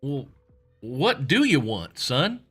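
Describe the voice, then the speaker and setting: A man voicing a rich, boastful Texan party host who talks loudly and stammers with excitement. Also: medium pitch, slow pace, breathy edge, faint music behind, voice pushed up, full character voice. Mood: puzzled. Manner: loud, exclamatory, stammering with excitement.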